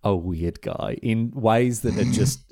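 A man co-hosting a podcast, chatting casually and telling an animated anecdote. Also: fairly low pitch, slow. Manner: animated anecdote-telling, quotes friends in exaggerated voices. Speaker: podcast co-host. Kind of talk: casual chat, storytelling.

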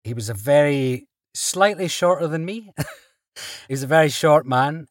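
A man, an actor guest, telling stories in a relaxed interview, chatty and quick to laugh. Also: mid-range voice, no room sound, clean studio sound. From Britain. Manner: chatty, laughs often, restarts mid-sentence.

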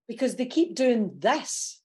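A woman with a Scottish accent, a coach guesting on a podcast, explaining her ideas in a lively way and laughing often. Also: a little high, unhurried, breathy edge. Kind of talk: casual podcast interview.

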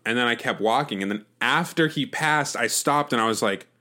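A man's voice: mid-range voice, brisk, pushed and bright. A man in his twenties telling a rambling story in casual chat, full of fillers and swearing.

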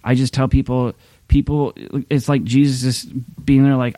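A man's voice: medium pitch, level tone, normal speed, warm tone, no echo. A man preaching a sermon in a candid, conversational way, often restarting his sentences. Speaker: pastor. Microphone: streaming camera mic.

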